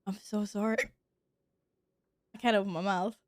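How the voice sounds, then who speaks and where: A woman's voice: medium pitch, fairly even intonation, normal speed, no echo, studio quality. A woman streamer with the hiccups, chatting casually while gaming, giggly, flustered and swearing now and then. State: has the hiccups.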